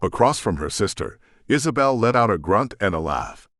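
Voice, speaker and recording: Deep-voiced man narrating an audiobook. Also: very animated, normal speed, fairly bright tone, no echo, studio quality. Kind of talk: scripted romance narration.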